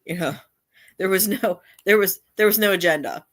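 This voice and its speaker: A livestream host chatting casually, halting often with fillers. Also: mid-range voice, a bit bright.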